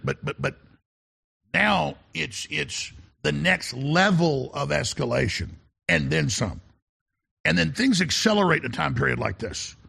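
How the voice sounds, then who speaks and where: Hosting a talk radio show, a middle-aged man launches into an intense, urgent monologue, frequently stammering and repeating words as he starts over. His voice is gravelly and husky, medium in pitch, with a sharp tone.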